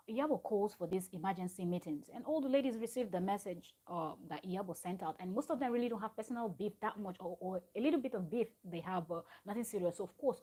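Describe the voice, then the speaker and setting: Her voice is mid-range, mellow and a bit rough. She's streaming live from home on a live-stream microphone, recapping a reality show in a chatty, digressive style and tossing asides to viewers.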